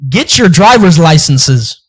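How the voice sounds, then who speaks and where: Animated young man telling fight stories. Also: fairly high pitch, takes it slowly, husky, rough recording. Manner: animated storytelling, laughs often, swears casually. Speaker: podcast host and amateur fighter. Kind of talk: casual chat.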